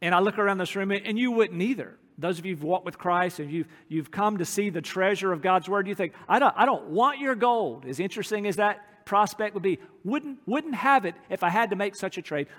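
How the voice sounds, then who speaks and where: A pastor preaching a sermon in a church, earnest and emphatic, slowing his phrases to stress key points. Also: high-pitched, fairly bright tone. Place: church sanctuary. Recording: long hall reverb.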